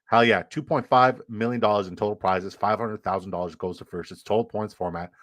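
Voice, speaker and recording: A man's voice: lowish voice, steady tone, brisk, fairly bright tone, dry recording, clean studio sound. A man hosting a fantasy football livestream, chatting casually, joking around and reading chat messages aloud. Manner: playful, reads chat aloud, jokey hype. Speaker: livestream host.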